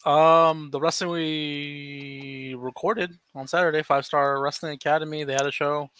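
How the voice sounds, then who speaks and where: Man, co-host, bright tone, smooth clear voice, casual chat. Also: a little high, fairly even intonation, dry recording. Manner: easygoing, chatty, quick asides. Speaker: podcast co-host.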